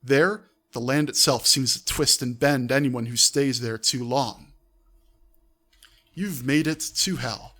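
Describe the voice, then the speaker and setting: A man's voice: mid-range voice, takes it slowly, sharp tone. A man streaming live, reading out a text adventure and breaking off with offhand asides. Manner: reads aloud with offhand asides. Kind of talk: live-streamed game narration.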